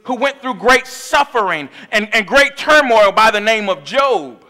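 A man's voice: high-pitched, animated, a little slow, sharp tone. A man preaching a sermon as pastor of his church, impassioned, with call-and-response asides to the congregation. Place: church sanctuary.

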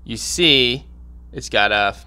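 A man's voice: mid-range voice, slow, sharp tone, clear, resonant tone, dry recording. A man hosting a repair channel, talking casually through a how-to, plain-spoken and repeating warnings for emphasis. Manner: plain-spoken, walks through steps while pointing things out.

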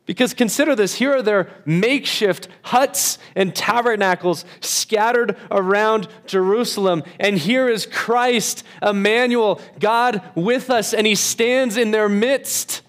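A man with a fairly high voice preaches a sermon with emphasis. He slows right down and goes quiet on key phrases, and now and then repeats words as he restarts a sentence. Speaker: pastor.

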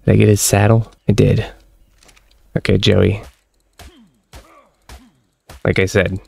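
Gravelly low-voiced man gaming. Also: a little slow, long pauses, dry recording. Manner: excitable, laughing, chatting to his in-game pet. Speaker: gaming channel host. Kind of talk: let's-play commentary.

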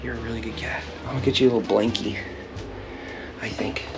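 A man sweet-talks a kitten in a gentle, often hushed voice, his pitch jumping up high for the baby talk. Water runs and splashes in the background, and the home recording has a lot of noise in it. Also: fairly even intonation, fast. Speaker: fishing vlogger. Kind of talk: casual vlog talk. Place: indoors at home, bathing a kitten in a tub.

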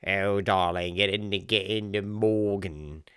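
A man's voice: low-pitched, unhurried, fairly bright tone, clean tone, no echo, clean studio sound. A man mimicking a posh, affected upper-class British motorist. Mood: mock-posh. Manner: mock-genteel, affected.

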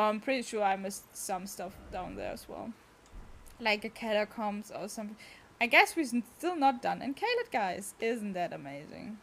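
A woman's voice: mid-range voice, gravelly, a little hiss or hum. A young woman, chatting and exclaiming as she streams a game. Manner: chatty, exclaiming, talks to chat. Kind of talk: casual gameplay commentary.

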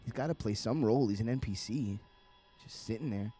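Chatty streamer, low voice, swears freely while playing. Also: male voice, brisk, dark tone, slightly rough, faint music behind. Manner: profane, chatty, talks to himself and the game. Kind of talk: live gameplay commentary.

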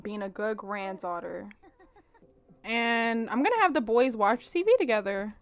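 A young woman casually commenting on her life-sim game for viewers, animated, laughing and slangy. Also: mid-range voice, unhurried. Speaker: let's play host.

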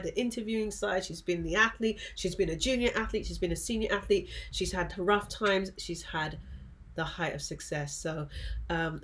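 A woman in her forties hosting an interview, upbeat and encouraging as she asks her guest questions and signs off to viewers. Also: lowish voice. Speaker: interview host. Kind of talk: casual interview and sign-off to viewers.

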